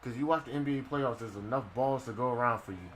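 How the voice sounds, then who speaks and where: A young man streams a football game, chatting casually with his viewers in a slangy, mocking tone while game crowd noise plays behind him. His voice is medium-pitched, a bit bright, and fast.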